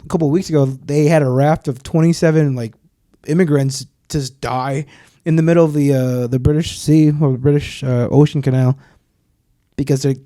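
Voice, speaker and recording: A man's voice: a little high, fairly even intonation, normal speed, mellow, dry recording, clean studio sound. A man co-hosting a podcast, chatting casually and chiming in with jokes. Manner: jokey, chimes in with quips. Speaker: podcast co-host. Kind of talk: casual chat.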